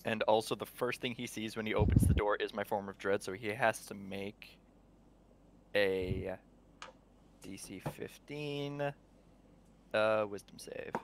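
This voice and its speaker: A man with a low, gravelly voice plays in a tabletop game. He asks rules questions in a plain, matter-of-fact way, and his mic carries steady noise and clicks. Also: moderate pace. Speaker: player. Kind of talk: casual tabletop play.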